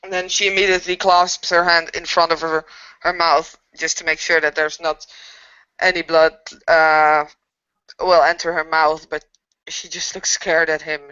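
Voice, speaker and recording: A woman playing a tabletop game, describing her character's actions in a halting, hesitant way, on a dull lo-fi recording. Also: deep voice, level tone, bright, forceful tone, smooth. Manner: hesitant, halting narration with fillers. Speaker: player.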